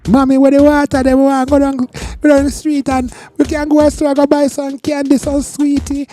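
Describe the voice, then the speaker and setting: A man voicing a young Jamaican child who pesters his mother in high, childish patois. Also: completely flat delivery, normal speed, mellow, faint music behind. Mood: pleading.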